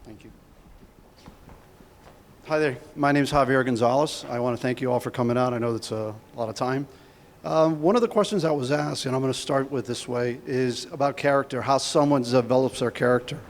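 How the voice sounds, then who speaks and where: A man's voice: mid-range voice, brisk. A man giving a heartfelt campaign speech as a political candidate, telling a personal story. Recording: hall reverb.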